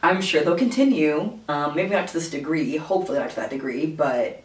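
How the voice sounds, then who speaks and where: A young woman vlogger telling a casual storytime at home, animated and profane, with lots of filler words. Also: low-pitched, fast, few pauses. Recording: roomy, distant camera audio.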